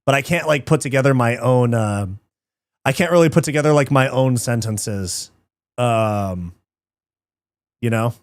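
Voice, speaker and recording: A man's voice: medium pitch, unhurried, long pauses, no room sound, studio quality. A man hosting a live fight watch party, chatting casually, reading chat aloud, swearing often and laughing easily.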